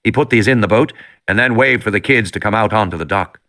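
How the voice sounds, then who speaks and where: A man's voice: lowish voice, fast talker, pushed and bright. A man reading an audiobook with dramatic, tension-building storytelling. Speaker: audiobook narrator. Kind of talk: scripted narration.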